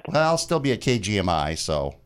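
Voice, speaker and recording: Male radio host for open lines, lively and chatty, up-and-down delivery, in the studio. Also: lowish voice, brisk, smooth. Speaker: radio talk show host. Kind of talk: casual radio call-in chat.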